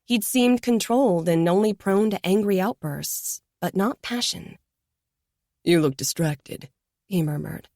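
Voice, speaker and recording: Soft-voiced woman narrating a romance audiobook. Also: mid-range voice, moderate pace, few pauses, no room sound, studio quality. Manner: soft, intimate, hushed at times.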